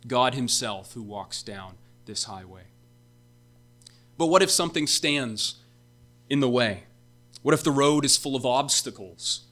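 A male pastor delivers a sermon with a bright, forceful tone. He preaches emphatically, posing rhetorical questions to his congregation. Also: medium pitch.

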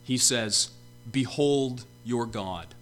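A man's voice: medium pitch, very slow, fairly bright tone, soft background music. Man preaching an emphatic sermon. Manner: emphatic preaching, rising on repeated calls to behold.

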